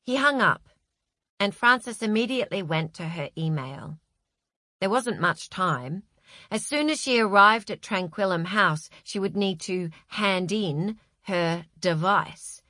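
A woman narrating a novel with wry, expressive storytelling. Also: mid-range voice, slow pace, no room sound, studio quality. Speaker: audiobook narrator. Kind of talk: scripted narration.

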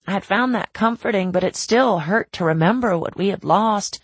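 Husky, creaky woman narrator. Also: fairly low pitch, expressive, normal speed, hardly any pauses, dry recording. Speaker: audiobook narrator. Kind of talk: first-person novel narration.

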